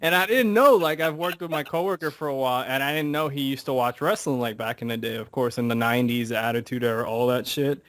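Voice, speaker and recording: A man on a podcast telling stories in a casual, animated way, acting out quotes and swearing freely. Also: medium pitch, fast, hardly any pauses, no echo. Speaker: podcast co-host. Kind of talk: casual chat.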